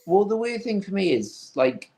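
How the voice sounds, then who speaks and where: A man's voice: high-pitched, big pitch swings, normal speed, creaky, darkish tone. A man co-hosting a casual film podcast, rambling with many restarts and a dry sense of humour. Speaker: podcast co-host.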